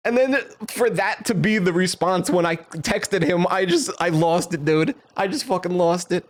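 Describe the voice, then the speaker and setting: A man's voice: sits high, normal speed. A young man streaming, telling a story casually to his chat, profane and laughing often.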